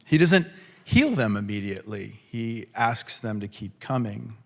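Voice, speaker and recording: Slow, conversational male preacher. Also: animated, creaky. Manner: conversational, acts out quotes with sudden high shouts. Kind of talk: sermon. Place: church hall.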